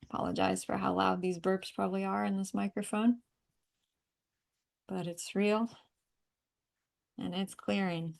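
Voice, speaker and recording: A woman leading a guided energy-healing call, calmly repeating affirmations and breathing cues. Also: medium pitch, measured pace, vocal fry, pauses often. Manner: calm, repetitive guiding with breathing cues. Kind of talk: guided tapping and affirmation session.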